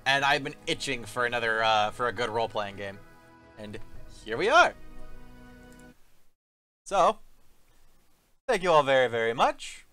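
A man streaming a video game, giving casual commentary, excitable, swearing and reacting loudly to what happens on screen. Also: mid-range voice, a little slow, pauses often. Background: game music.

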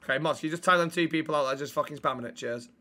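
A man's voice: fairly high pitch, rapid-fire, sharp tone. A young man, chatting bluntly and swearing while streaming a game. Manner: sweary, blunt banter with chat. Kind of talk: live-stream chat while gaming.

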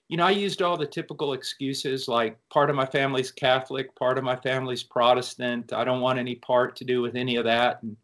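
A man's voice: mid-range voice, a bit bright. Man telling an earnest personal testimony. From United States. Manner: earnest, reflective storytelling. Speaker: preacher answering student questions.

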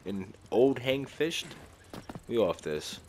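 A man's voice: mid-range voice, lively intonation, slow pace, a little mellow, slight background noise. A man hosting a casual let's-play of a horror game, talking in slang and breaking into sudden startled outbursts. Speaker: gaming video host.

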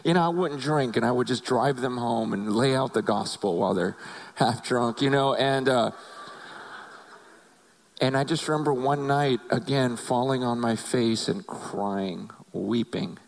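Middle-aged male pastor, earnest confessional testimony, voice mid-range, swings between quiet and impassioned. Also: medium pitch, measured pace, creaky, poor audio. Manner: earnest, confessional, rising to emotional intensity. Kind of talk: personal testimony sermon.

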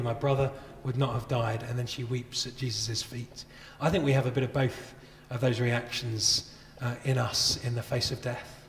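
A man's voice: fairly high pitch, slight background noise. A man preaching a sermon as a pastor, earnest and conversational, asking his listeners many rhetorical questions. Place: church. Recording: echoey church with long reverb.

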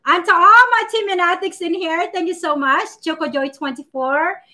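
A woman hosting a casual live baking stream, chatting warmly with viewers, greeting them by name and laughing often as she works. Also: very high-pitched, fairly even intonation, normal speed.

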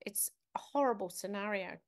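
A business academic appears as a podcast guest, and her voice is medium in pitch at a normal speed. She tells a story conversationally, vividly and with emphasis, putting questions to the listener as she goes.

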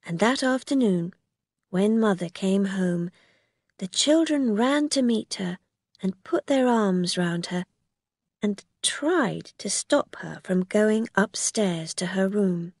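A woman reads a story aloud slowly and clearly, her voice rising and falling with lively expression. Her tone is breathy and husky, recorded dry and close to the mic. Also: medium pitch, dry recording. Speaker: narrator. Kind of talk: graded-reader story narration.

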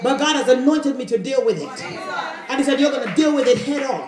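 A woman pastor preaching a fiery sermon with call-and-response, rising often into shouts. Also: sits high, animated, a little fast. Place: church sanctuary with congregation. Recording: echoey church with crowd.

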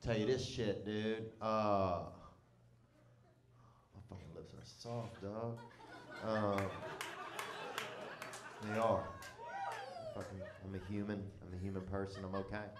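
A man's voice: on the low side, fairly even intonation, takes it slowly, long pauses, reverberant, a faint crowd, slight background noise. A man telling a comic story in a loose, rambling, profane way, often breaking into laughter. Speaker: comedian.

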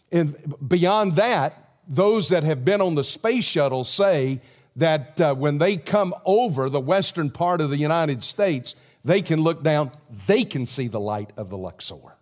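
Southern pastor guy preaching in a church, kinda high voice, gets loud then drops real quiet. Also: animated, a little slow. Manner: storytelling preacher, swings from loud emphasis to hushed prayer. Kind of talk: sermon. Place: church sanctuary.

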